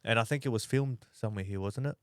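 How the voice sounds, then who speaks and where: An Australian man co-hosting a podcast in loose, rambling chat. His voice sits fairly low and smooth, and the close studio mic keeps it dry. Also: fast talker, no room sound. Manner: rambling, restarts often. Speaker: podcast co-host. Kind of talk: casual chat.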